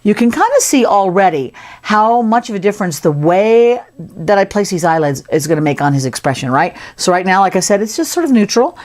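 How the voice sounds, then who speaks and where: A woman's voice: mid-range voice, big pitch swings, fairly quick, darkish tone. A woman giving a casual, playful sculpting tutorial, chatting as she works. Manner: chatty, playful, talks while working. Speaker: sculpting instructor.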